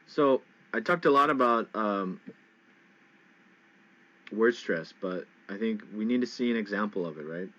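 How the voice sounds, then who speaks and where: A man's voice: on the low side, unhurried, long pauses, pushed and bright. A man teaching English pronunciation in a casual lesson, patiently repeating words for learners. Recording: dull lo-fi sound.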